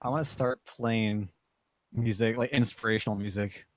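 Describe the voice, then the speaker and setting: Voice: mid-range voice, steady tone, moderate pace, no echo. A player at a tabletop game, playful and teasing. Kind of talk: casual tabletop game chat.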